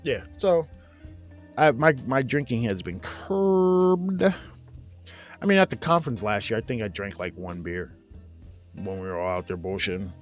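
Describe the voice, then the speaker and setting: This forties-aged podcast host speaks in a fairly low, animated voice, a little slowly and with long pauses, as faint music plays behind him. In a casual chat, he tells a rambling, profane tale and laughs while acting out his friends' lines.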